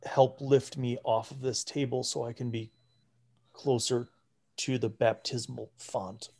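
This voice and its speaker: A man voicing a frail, atrophied old male priest who speaks quietly and earnestly. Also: medium pitch, level tone, measured pace, vocal fry. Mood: weary. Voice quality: soft and quiet.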